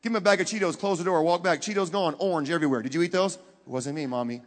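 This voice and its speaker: Dramatic high-voiced preacher in a reverberant hall. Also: male voice, racing. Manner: dramatic storytelling, swings from hushed to loud; talks directly to the audience with questions. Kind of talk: sermon.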